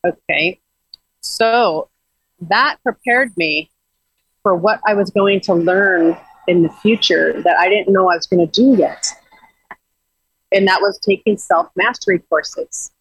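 A woman's voice: medium pitch, slow, husky, no room sound, poor audio. A woman guest earnestly recounting a spiritual journey in casual, rambling talk with frequent restarts.

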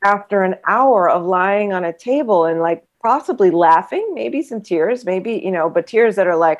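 A woman's voice: medium pitch, expressive, moderate pace, few pauses, highs cut off. A woman in casual conversation, a former trauma nurse and body therapist who talks reflectively, rambling with many fillers.

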